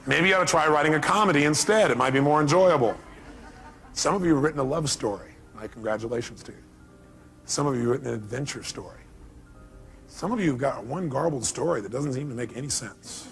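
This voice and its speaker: A man's voice: mid-range voice, fast, gravelly, fairly bright tone, soft background music. A man giving a live motivational seminar speech, talking emphatically and firing rhetorical questions at the audience. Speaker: motivational speaker.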